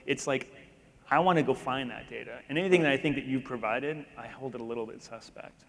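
A man's voice: medium pitch, fairly quick, creaky, fairly bright tone. A man speaking on stage in a casual, rambling conversation, often restarting his sentences. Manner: rambling, self-interrupting, conversational. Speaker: keynote speaker. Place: large conference hall. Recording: reverberant conference hall.

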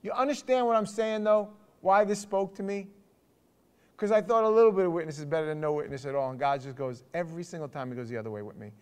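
A man with a somewhat raised pitch leads a church Bible study, talking loosely and conversationally. He often restarts sentences and checks in with the group with questions. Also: fast talker, clear, resonant tone. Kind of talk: casual church teaching.

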